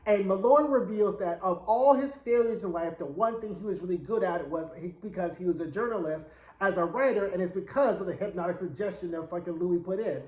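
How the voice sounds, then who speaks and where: A man's voice: sits high, fairly quick, darkish tone. A man giving a casual episode recap. His retelling is chatty, slangy and dramatic. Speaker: TV show reviewer. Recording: echoey room.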